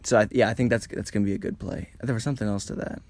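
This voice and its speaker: A man's voice: lowish voice, steady tone, racing, darkish tone. A young man co-hosting a podcast, chatting casually, rambling and joking with frequent laughs. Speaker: podcast co-host. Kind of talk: casual chat. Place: indoor room.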